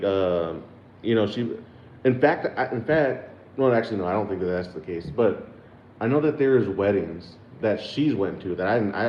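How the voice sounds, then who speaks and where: Profane, laughing man in a roomy space. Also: lowish voice. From United States. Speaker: channel host. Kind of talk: casual chat to viewers. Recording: roomy, dull sound with faint background noise.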